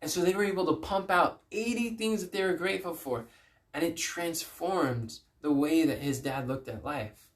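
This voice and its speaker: A man's voice: on the high side, moderate pace. A man giving an earnest, pleading inspirational Christian message, telling stories with emphatic repeats. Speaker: Christian speaker. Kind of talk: inspirational preaching to camera.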